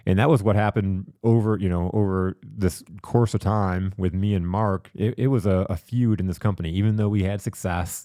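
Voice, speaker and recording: A man's voice: sits low, a little mellow, dry recording, studio quality. A man hosting a podcast, telling candid personal stories in a rambling, reflective way with many repeated words. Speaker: podcast host. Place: studio.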